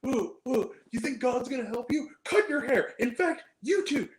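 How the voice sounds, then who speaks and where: A man's voice: very high voice, lively intonation, normal speed, pitched above the performer's own voice. A man voicing a brutish adult male prison guard who sneers and taunts in a mocking way. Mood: jeering. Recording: roomy echo.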